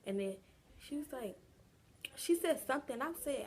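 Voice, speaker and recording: A woman's voice: mid-range voice, lively intonation, normal speed, slight background noise. A young adult woman telling a casual storytime vlog, chatty and slangy, drawing the story out. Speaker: vlogger.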